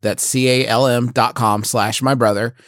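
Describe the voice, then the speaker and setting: A man's voice: mid-range voice, steady tone, moderate pace, fairly bright tone, no echo, studio quality. A man co-hosting a comedy podcast, enthusiastic and jokey while he reads an ad.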